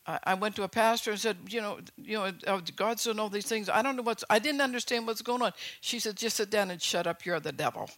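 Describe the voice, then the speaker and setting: A preacher reads Bible verses aloud in a sermon, then unpacks them through personal testimony while repeatedly checking in with his listeners. His voice sits at medium pitch, a bit bright, and moves fast with few pauses. There's no room sound on the recording.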